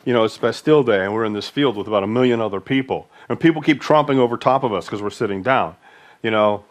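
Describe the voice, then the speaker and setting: A man's voice: mid-range voice, fast talker. Guy rambling thru travel stories, lots of fillers, casual chat. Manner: rambling, filler-heavy storytelling. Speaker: podcast co-host.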